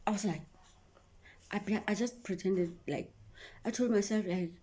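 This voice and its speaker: A woman's voice: medium pitch, normal speed, dark tone, slightly rough. A young woman telling an emotional story to her viewers, often dropping into a whisper and repeating herself. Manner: repetitive, keeps addressing viewers. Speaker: vlogger.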